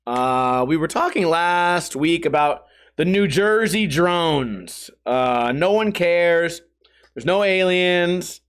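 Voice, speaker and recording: A man hosting a solo podcast, telling rambling stories in a casual, animated way, laughing and swearing along. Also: on the high side, slow, clear, resonant tone. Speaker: podcast host.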